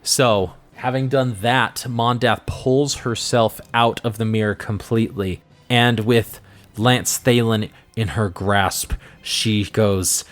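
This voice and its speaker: Low-ish guy running a tabletop game, upbeat, faint music behind. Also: a little slow. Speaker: game master.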